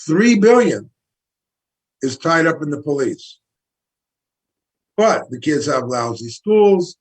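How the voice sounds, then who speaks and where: An older man with a husky, breathy voice pitched a little high, talking with fiery conviction. He hammers his points home and repeats key numbers like a preacher. This is an impassioned radio interview. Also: sing-song, takes it slowly, low-quality recording. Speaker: guest activist.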